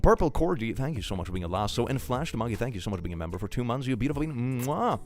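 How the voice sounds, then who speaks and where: Animated joking male streamer. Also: lowish voice, racing, faint music behind. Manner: animated, joking, laughs often. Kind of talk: casual live-stream chat.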